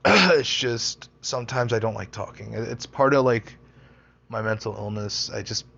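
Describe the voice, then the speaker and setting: A man's voice: mid-range voice, measured pace, creaky, pushed and bright, muffled recording. A young man casually telling personal stories, rambling, swearing a lot and interrupting himself. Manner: rambling, profane, self-interrupting. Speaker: storyteller, podcaster.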